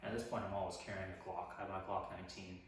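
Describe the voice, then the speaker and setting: A man casually recounting a personal story in a relaxed, rambling way, full of "like" fillers. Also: sits low, rapid-fire, far from the mic, slight background noise. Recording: echoey room, voice off mic.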